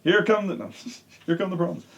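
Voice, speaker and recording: A man's voice: high-pitched, fairly quick, gravelly, lo-fi sound. Sarcastic man ranting about wrestling. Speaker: online wrestling reviewer. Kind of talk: casual ranting commentary.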